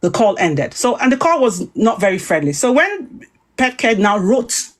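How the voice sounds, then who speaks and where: A British woman with a fairly high voice tells a long story of a falling-out in a casual, spoken way. She acts out what people said, restarts her sentences often and keeps the account moving. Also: unhurried, poor audio. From Britain. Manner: animated storytelling, quoting herself and others, frequent restarts. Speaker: guest recounting a dispute.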